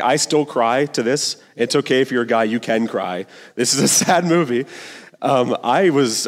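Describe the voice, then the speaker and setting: Young casual youth pastor in a big echoing hall. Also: male voice, mid-range voice. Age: 20s. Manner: casual, conversational, with fillers and asides. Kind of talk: sermon. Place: church sanctuary. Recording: long reverb of a large hall.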